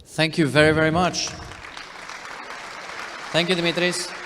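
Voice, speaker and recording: Brief: male session host, brisk informal patter, distant in a reverberant hall with faint crowd. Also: fairly high pitch, level tone, fairly bright tone, a little hiss or hum. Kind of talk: wrapping up a talk.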